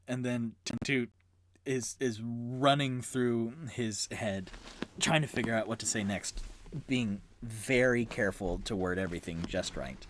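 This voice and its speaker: A man narrating a tabletop game as dungeon master and solo player, telling the story in an animated way. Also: fairly low pitch, unhurried, no echo.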